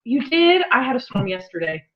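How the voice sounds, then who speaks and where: A farm channel host with a slightly high, sing-song voice chats fairly quickly during a casual livestream from home, rambling and laughing often. Her laptop mic gives the audio a slightly dull, lo-fi quality.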